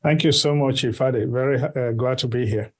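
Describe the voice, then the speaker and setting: A man from Nigeria, a guest on an interview show, speaking in a measured, deliberate way and repeating key phrases for emphasis. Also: medium pitch, fairly even intonation. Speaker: guest, diaspora organization board member. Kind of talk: interview answers.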